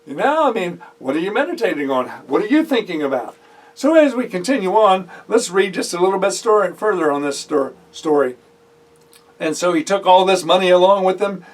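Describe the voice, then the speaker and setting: High-voiced preacher, off-mic. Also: male voice, brisk. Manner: animated storytelling, acting out the voices of biblical figures; drives points home by repeating phrases. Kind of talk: sermon. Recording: voice heard from a distance off the mic.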